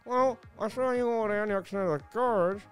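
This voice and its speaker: A man putting on a high, squeaky voice for a nosy ventriloquist puppet that fires off shrill, quarrelsome questions. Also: normal speed, soft background music, close to an everyday voice. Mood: bickering.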